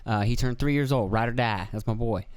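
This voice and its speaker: Recorded dry in an indoor room with a video camera, a young man hosts a casual podcast on his own. His medium-pitched voice moves briskly as he rambles, swears, laughs at himself and performs quoted voices.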